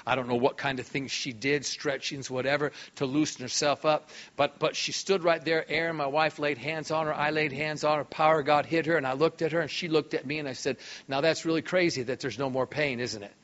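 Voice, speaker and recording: Brief: middle-aged male preacher, raised pitch, animated storytelling, lo-fi church sound. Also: a little fast, hardly any pauses. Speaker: guest preacher. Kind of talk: sermon storytelling. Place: church hall.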